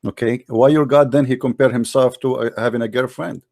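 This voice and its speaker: A man's voice: mid-range voice, fairly even intonation, fairly quick, vocal fry, darkish tone, dry recording. Argumentative man, dry close sound. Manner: argumentative, mocking, challenging. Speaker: host. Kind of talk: debate on a live call-in stream.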